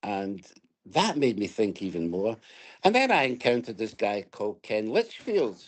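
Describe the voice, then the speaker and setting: A man's voice: fairly low pitch, sing-song, unhurried. A Scottish man from Scotland, a guest in an interview, telling his personal story in a reflective, storytelling way with hesitant restarts.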